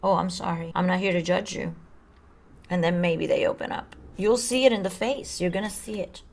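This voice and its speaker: A woman's voice: lowish voice, fairly even intonation, normal speed. Earnest woman podcast host, dramatic delivery. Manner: earnest, dramatic, sometimes acts out voices. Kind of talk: casual spiritual podcast chat.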